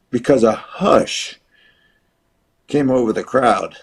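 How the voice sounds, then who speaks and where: An older man, a retired wrestler, telling a story as a podcast guest and acting out the voices of others with big shifts in loudness. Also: a little high, moderate pace. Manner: acts out voices of others in his stories, dramatic shifts in loudness. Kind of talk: animated storytelling.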